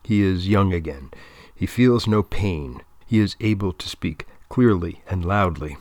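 A man reading a story aloud as narrator in a measured, deadpan manner. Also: sits low, no echo.

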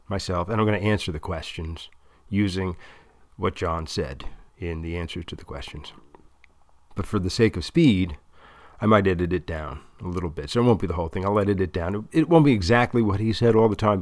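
Man, very low voice, halting rambling explanation, dry close recording. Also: no room sound. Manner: rambling, halting, many restarts. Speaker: interviewer recording a monologue. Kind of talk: casual spoken explanation.

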